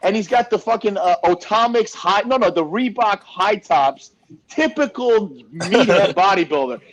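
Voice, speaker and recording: A man hosting a casual chat, telling animated, profane stories and acting out what others said. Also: sits high, normal speed, dull audio. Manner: animated storyteller, profane, acts out other people's lines. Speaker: host.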